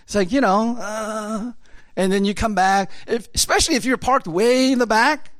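A man preaching in a loose, chatty way, stacking up "you know"s and asides as he goes. His voice sits fairly high for a man, and the sound is close and dry with no room echo. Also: moderate pace. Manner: rambling and conversational, full of fillers, acts out dialogue. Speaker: pastor. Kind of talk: sermon.

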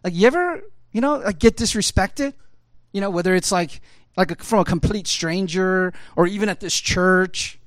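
Chatty preacher, high voice, dry sound. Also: male voice, normal speed, no room sound. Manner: conversational, full of fillers like "you know, like"; swings between loud emphatic bursts and low quiet asides. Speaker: pastor. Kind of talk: sermon.

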